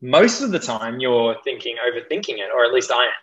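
Australian guy in his twenties, relaxed podcast guest, loose and filler-heavy, mid-range voice, a bit dull on the recording. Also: medium pitch, a little fast. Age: young adult. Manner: chatty, self-deprecating, laughs often, many fillers. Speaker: guest DJ and producer. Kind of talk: casual interview chat.

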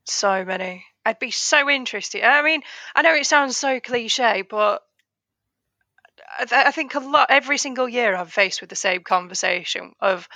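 A woman's voice: a little high, lively intonation, moderate pace, sharp tone, no room sound. A woman teacher and author as a podcast guest, talking with enthusiasm and often restarting her sentences. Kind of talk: podcast interview.

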